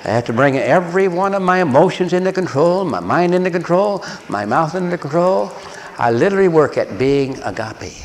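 An older man preaching a sermon, telling a story with animated voices and laughter. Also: a little high, a little fast. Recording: long echo of a large hall, faint ambience.

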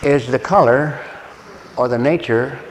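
A man's voice: mid-range voice, unhurried. Older preacher man in a hall. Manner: animated storyteller who laughs and acts out voices. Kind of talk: sermon with storytelling. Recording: long echo of a large hall, faint ambience.

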